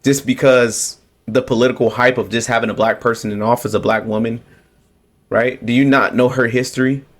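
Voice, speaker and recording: A man's voice: medium pitch, steady tone, a little fast. A man giving a casual, repetitive political rant to camera, often restarting his sentences. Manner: repetitive, restarts, sarcastic mocking quotes. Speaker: political commentator.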